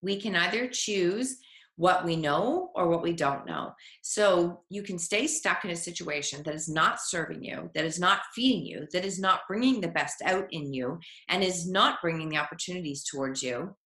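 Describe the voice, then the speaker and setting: A woman's voice: fairly low pitch, normal speed, fairly bright tone. Earnest woman coach in an echoey room. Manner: earnest, encouraging, acts out inner voices. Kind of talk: motivational talk.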